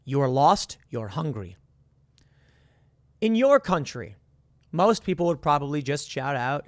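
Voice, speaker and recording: A man's voice: on the high side, very animated, unhurried, long pauses, no echo, clean studio sound. A man hosting a casual commentary monologue, walking the listener through hypothetical scenarios and rising to emphatic bursts. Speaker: political commentary host.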